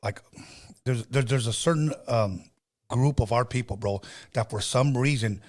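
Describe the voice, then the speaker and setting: A man's voice: mid-range voice, a little slow, a little mellow. A man hosting a casual podcast chat, hedging and reflective, tossing in "bro". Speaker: podcast host.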